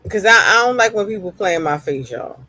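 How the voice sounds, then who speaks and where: A woman's voice: medium pitch, expressive, brisk, sharp tone. A woman streamer ranting heatedly in live-stream reaction commentary, swearing often and repeating phrases for emphasis.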